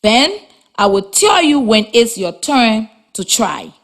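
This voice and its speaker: A Liberian woman teacher leads a children's reading lesson. She speaks slowly and clearly, her pitch rising and falling in a lively way. Her delivery is patient and encouraging.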